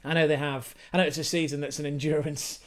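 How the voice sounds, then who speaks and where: A man's voice: fairly high pitch, little pitch movement, quick pace. A man from England chatting casually to camera about football, swearing freely and wandering into rambling asides. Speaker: football vlogger.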